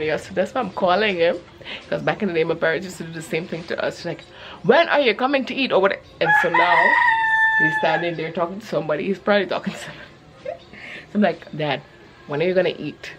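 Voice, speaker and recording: Rambling woman in her thirties, lowish voice. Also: fairly bright tone. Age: 30s. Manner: rambling, quick-thinking, playful. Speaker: vlogger. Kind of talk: casual chat. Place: outdoors in a yard.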